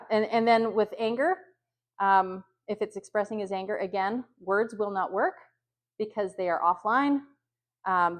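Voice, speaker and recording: A woman leading a training session for youth workers, talking conversationally with many ums and acting out example phrases. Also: mid-range voice. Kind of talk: training talk.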